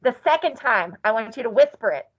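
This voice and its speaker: A woman's voice: on the high side, lively intonation, a little fast. A woman teaching an online class in a playful, sing-song way with cowgirl cheers. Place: classroom or office. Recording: dull lo-fi sound.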